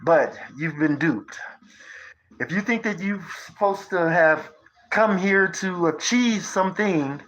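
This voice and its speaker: Thirties male streamer, unhurried drawl, rambling profane rants with rhetorical jabs at the audience. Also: a little high, a bit bright, rough recording. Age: 30s. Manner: profane, lecturing, conspiratorial, asks rhetorical questions. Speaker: livestreamer. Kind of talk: rambling livestream monologue.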